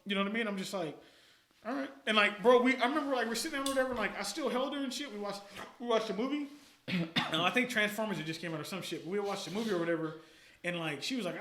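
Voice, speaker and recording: Animated guy rambling stories fast, high bright voice, lots of swearing and laughs, echoey room. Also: a little hiss or hum. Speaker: podcast guest. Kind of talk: casual chat.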